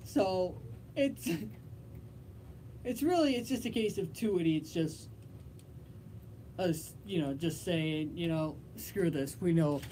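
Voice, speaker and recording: A man's voice: high-pitched, slow, pauses often, dark tone, a little hiss or hum. A young man hosting a college radio sports show, talking casually in a rambling, filler-heavy way. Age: young adult.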